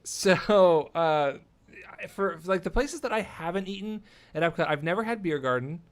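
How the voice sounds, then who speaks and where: A young man hosting a casual live chat, easygoing and quick to laugh. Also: high-pitched, lively intonation. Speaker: podcast host.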